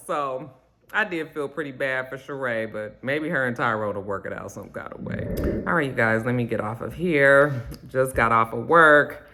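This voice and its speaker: Bright-voiced woman recapping with sass. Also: very deep voice. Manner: chatty, sassy storytelling with slang, drawn-out emphasis. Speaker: YouTube reality-TV recapper. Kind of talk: casual recap to camera.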